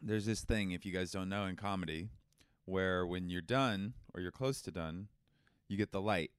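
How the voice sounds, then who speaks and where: Male comedian co-host, low smooth voice, dry close mic, joking and rambling. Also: normal speed, no echo. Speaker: podcast co-host. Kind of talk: casual comedy podcast chat.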